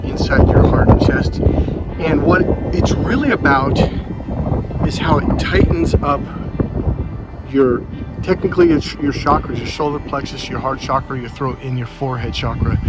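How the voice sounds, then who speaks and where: A man giving an animated, rambling outdoor monologue, swearing and correcting himself as he goes, on a handheld mic. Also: mid-range voice, normal speed, lo-fi sound, loud music behind the voice. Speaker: self-help vlogger. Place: outdoors by the water on a windy day. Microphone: handheld microphone, cupped at times. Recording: loud wind buffeting the microphone. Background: heavy wind noise.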